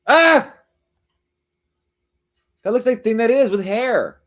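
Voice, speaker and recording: An extremely high-pitched man with a dark tone talks fairly quickly while hosting a live stream. He reads comments and chats casually with viewers, rambling and teasing while jumping between jokes and chat replies.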